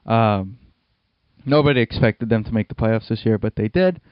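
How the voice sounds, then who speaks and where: A man's voice: fairly low pitch, moderate pace, clear, resonant tone, no echo, highs cut off. Male podcast co-host, chatty sports talk, clean resonant voice, dry close sound. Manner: chatty, laughs often, plugs and segues like a radio host. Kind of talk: casual sports chat.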